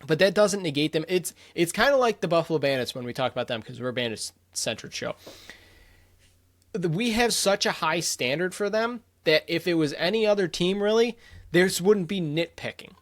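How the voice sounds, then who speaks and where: A man's voice: high-pitched, expressive, moderate pace. Blunt, opinionated male podcast host. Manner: opinionated, blunt, rattles off scores. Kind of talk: casual sports podcast chat.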